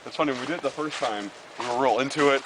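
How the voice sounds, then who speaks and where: A man's voice: medium pitch, very fast. A young man chatting casually with a friend in a vlog, rambling and offhand, often a bit off the camera mic. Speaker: vlogger's friend. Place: outdoors in woods, then indoors at home. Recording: clear background noise, camcorder audio.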